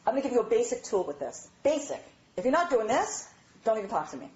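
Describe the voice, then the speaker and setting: A woman giving a lively, chatty lecture on marriage, often checking in with her audience. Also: on the high side, quick pace, slight background noise. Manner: animated, chatty, asks "all right?" often. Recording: dull, roomy hall recording.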